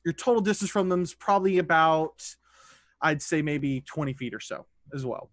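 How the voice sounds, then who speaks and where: A man's voice: fairly high pitch, moderate pace, fairly bright tone, no room sound, clean studio sound. A man running a tabletop game as dungeon master, narrating loosely with restarts. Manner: loose, conversational rulings with restarts.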